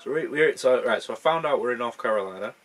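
A man's voice: medium pitch, animated, fast talker, a bit bright. A young man thinking aloud in casual gameplay commentary, rambling and poking fun at himself. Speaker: gaming channel host.

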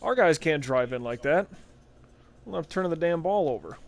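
A man's voice: on the high side, lively intonation, moderate pace, vocal fry. A young man streaming a basketball video game, rambling in casual, sarcastic, profane commentary. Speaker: gaming livestreamer. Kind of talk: casual let's-play commentary.

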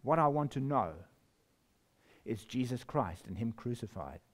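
A man preaching a sermon, reading scripture slowly and emphatically, with sudden rises and drops in his voice. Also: mid-range voice, expressive. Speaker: pastor.

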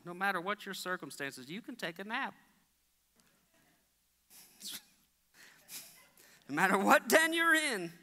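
A man preaching a sermon as pastor, telling stories and acting out the voices in them. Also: sharp tone. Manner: storytelling, acts out voices with big pitch jumps. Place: church sanctuary. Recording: long church hall reverb.

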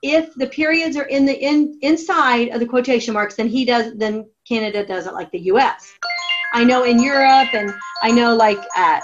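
A woman writing teacher giving a classroom grammar lesson, dictating each step slowly and deliberately. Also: fairly high pitch, highs cut off, faint music behind. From United States. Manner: slow, deliberate dictation of steps.

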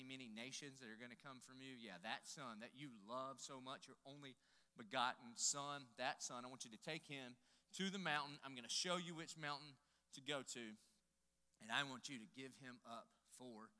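A man preaching a sermon as pastor, telling stories in an animated way, swinging between loud and hushed, in a large church sanctuary. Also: medium pitch. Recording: reverberant church hall.

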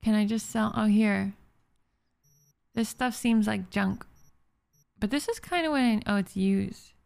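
A woman's voice: mid-range voice, measured pace, creaky, darkish tone. A young woman streaming a video game, reacting emotionally and thinking aloud as she plays. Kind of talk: live gameplay commentary.

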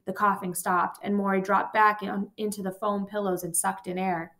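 Female narrator for a memoir audiobook, calm and measured. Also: mid-range voice. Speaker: audiobook reader. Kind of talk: amateur audiobook reading.

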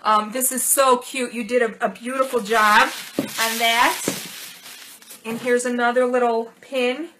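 A woman's voice: fairly high pitch, steady tone, unhurried, background noise. A middle-aged woman hosting a casual vlog, opening gifts and thanking viewers with gushing delight. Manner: gushing, warm thanks over small gifts. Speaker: channel host. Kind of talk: casual gift-unboxing vlog.

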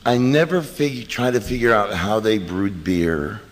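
A middle-aged man sharing his recovery story at a meeting, animated and storytelling, acting out quotes with laughs. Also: fairly low pitch, a little slow, faint music behind. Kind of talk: personal recovery talk at a meeting. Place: meeting hall. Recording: reverberant hall recording, faint noise.

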